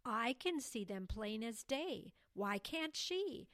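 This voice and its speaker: A woman's voice: fairly high pitch, big pitch swings, slow pace, fairly bright tone, dry recording, studio quality, pitched above the performer's own voice, heavily acted. A woman voicing Lillian, a curious, earnest young girl who asks questions, in an audiobook reading.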